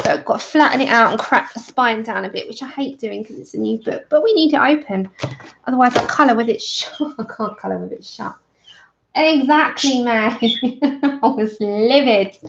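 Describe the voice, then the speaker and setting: A woman's voice: on the high side, gravelly, muffled recording, background noise. Chatty woman telling a laughing story. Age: 30s. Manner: chatty, laughs often, acts out her own story in quoted voices. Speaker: colouring livestream host. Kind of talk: casual chat while colouring on a livestream.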